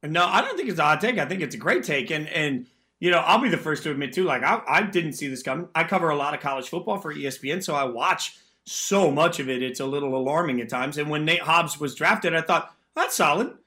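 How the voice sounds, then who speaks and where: A man's voice: a little high, expressive, fast talker, pushed and bright. A man hosting a sports talk radio show, talking energetically about football and taking callers. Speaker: radio host.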